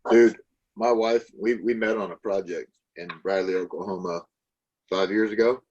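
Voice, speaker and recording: A man tells a story with gruff, profane, dry humor. His voice is low and husky. The recording sounds dull and lo-fi. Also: steady tone, moderate pace, darkish tone. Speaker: podcast guest. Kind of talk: casual podcast storytelling.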